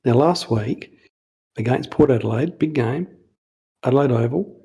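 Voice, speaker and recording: A man co-hosting a football podcast, speaking quietly and in a measured way, citing stats. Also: medium pitch, creaky, husky. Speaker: podcast co-host. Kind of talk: casual football chat.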